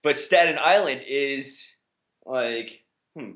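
A man's voice: medium pitch, slow pace, a bit bright. A man hosting a podcast, casually reading listener questions and chatting in an easygoing way. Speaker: podcast host. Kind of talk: casual wrestling chat.

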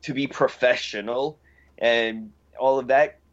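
A man speaks earnestly in casual podcast chat, stumbling into small restarts as he makes his point. His mid-pitched voice arrives through a dull, lo-fi signal. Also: steady tone, a little slow. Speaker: podcast co-host. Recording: dull lo-fi sound.

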